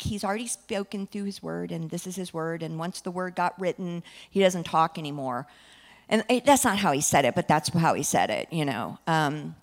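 A woman preaching a sermon emphatically, slowing down and stretching key words for weight. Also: medium pitch, in a large hall.

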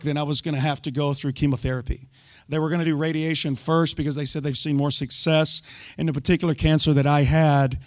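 A man giving a sermon testimony to a church group, telling his story with loud bursts and sudden hushed asides. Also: on the high side, no room sound, studio quality.

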